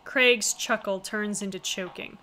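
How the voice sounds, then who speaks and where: Bright-voiced woman streamer reading aloud. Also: mid-range voice, fairly even intonation, a little slow, slight background noise. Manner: wry, chatty asides. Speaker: streamer reading a visual novel. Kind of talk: casual reading with commentary.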